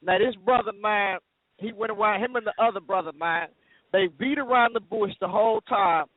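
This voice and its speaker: High-pitched man moderator, pushy and slangy, tinny phone line. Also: moderate pace, no room sound. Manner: interrupting, insistent, casual slang. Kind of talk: heated phone debate.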